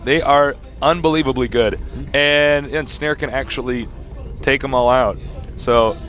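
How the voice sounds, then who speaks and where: A man casting a live video game match with excitable, laugh-prone commentary. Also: medium pitch, a little slow. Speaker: esports caster.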